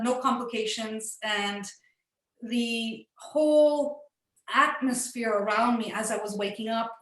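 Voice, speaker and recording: A woman's voice: fairly high pitch, a bit bright. Upbeat storytelling woman, echoey room. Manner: earnest, upbeat, laughs often. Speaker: facilitator. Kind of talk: personal storytelling talk.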